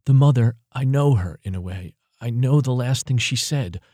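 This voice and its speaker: A man's voice: medium pitch, normal speed, dark tone, no room sound, clean studio sound, close to an everyday voice. A man reading a story aloud, voicing a nervous young woman who speaks hesitantly and pleadingly.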